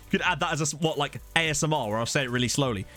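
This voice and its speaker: Racing along in a fairly high, fairly bright voice, a young gaming channel host jokes his way through a football management game, reacting to the match. The casual let's-play is recorded on a desktop studio mic with faint game music behind.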